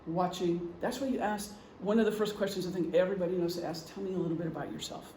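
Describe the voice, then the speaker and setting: A man's voice: high-pitched, fairly even intonation, fast, darkish tone. A middle-aged man giving an informal presentation to a group, talking conversationally with examples and frequent ums. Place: meeting room. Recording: echoey room, faint hum.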